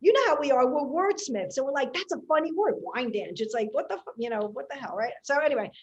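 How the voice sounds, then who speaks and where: Animated high-voiced woman comedian. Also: fast, lo-fi sound. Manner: animated, chatty storyteller. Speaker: comedian and podcast host. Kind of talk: casual chat, storytelling.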